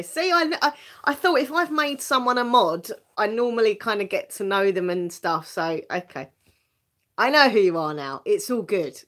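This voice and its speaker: With a mid-range voice and sharp tone, a chatty woman from Essex, England, reads out viewer comments on her casual live stream. She laughs a lot, mocks herself, and tends to repeat words when beginning sentences.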